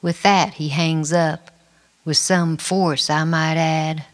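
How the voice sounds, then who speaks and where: Slow, low-pitched woman reading a memoir. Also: little pitch movement. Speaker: memoir narrator. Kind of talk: first-person memoir reading.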